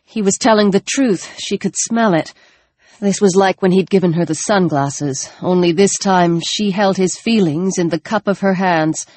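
A woman narrating an audiobook in a steady, measured storytelling manner. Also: fairly low pitch, dry recording. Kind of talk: scripted narration.

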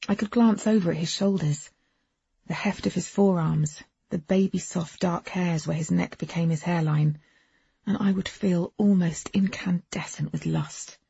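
A woman reads a first-person novel with intimate, wry storytelling. Her voice is dark, gravelly and very husky. It sits in a dull, dry lo-fi recording. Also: on the low side, a little slow, no room sound. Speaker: audiobook narrator.

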